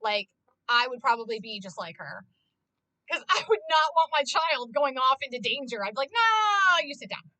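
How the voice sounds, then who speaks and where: A young woman streaming from home, her voice set high and swooping all over the place. The tone is bright and sharp, and she rants in a loose, foul-mouthed way into a desk mic. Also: normal speed, rough recording. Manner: animated, profane ranting. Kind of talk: casual live-stream commentary.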